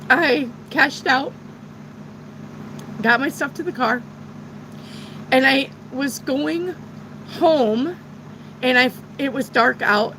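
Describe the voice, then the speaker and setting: A woman's voice: high voice, noisy background. A middle-aged woman who reads tarot, telling a personal story in a casual, rambling way and swearing freely. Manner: frank and profane, rambling retelling. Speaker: tarot reader.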